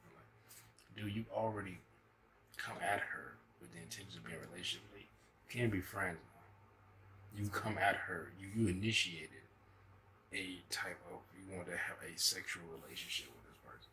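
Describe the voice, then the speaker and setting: A man's voice: low voice, normal speed, background noise. A man hosting a reaction video, talking loosely and profanely as he laughs through stories. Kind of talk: casual reaction commentary.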